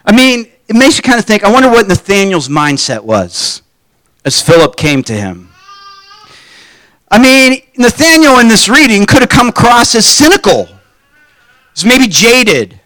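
A man giving a conversational sermon, relaxed and informal, asking his listeners rhetorical questions. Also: high-pitched, normal speed, dry recording. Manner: informal, poses rhetorical questions, acts out quoted voices. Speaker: preacher.

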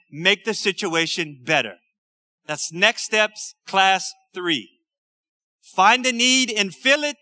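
A man's voice: high-pitched, pushed and bright, dry recording, studio quality. A man preaching a sermon, reading scripture and explaining it in a conversational way with slangy asides. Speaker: pastor.

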